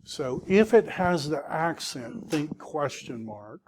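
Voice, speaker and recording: Middle-aged male teacher, slow and deliberate, patient classroom lecture with frequent check-ins. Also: a little high, big pitch swings, darkish tone, breathy edge. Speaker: Greek teacher.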